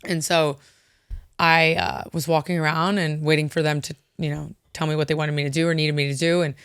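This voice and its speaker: A woman in her thirties with a fairly low voice tells a story as an interview guest, animated and quick to put on voices for the people she quotes, swearing now and then. The sound is close and dry, with no room around it. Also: clean tone, no room sound. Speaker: interview guest, former wrestler. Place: studio.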